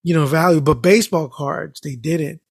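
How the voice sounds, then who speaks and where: A man with a high, bright-pitched voice rambles through everyday stories in a casual chat. He swears freely and breaks into laughter often. The sound is dry and close, with no room around it. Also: fairly even intonation, normal speed, gravelly, slightly rough, no room sound.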